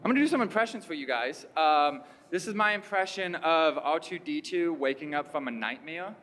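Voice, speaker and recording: A man doing stand-up comedy on a theater stage, animated and laughing at his own jokes. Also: on the high side, moderate pace, a little hiss or hum. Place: historic theater stage with live audience. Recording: theater hall reverb.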